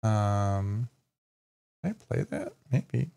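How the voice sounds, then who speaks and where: A man with a slightly low voice chats casually on a live stream. He reads news aloud and rambles, stumbling over names and swearing now and then. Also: sing-song, very slow, creaky, warm tone, clear, resonant tone. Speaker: streamer host.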